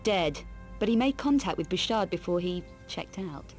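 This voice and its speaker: Actress as Lara Croft, terse adventurer. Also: female voice, lowish voice, lively intonation, normal speed, darkish tone, soft background music, lightly acted. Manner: terse, direct questioning. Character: cool, determined adult woman adventurer.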